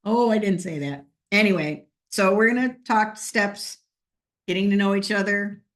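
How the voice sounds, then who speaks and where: A woman's voice: medium pitch, moderate pace. A woman hosting a casual team talk, chatty and joking, with frequent fillers. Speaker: host. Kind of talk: casual team meeting chat.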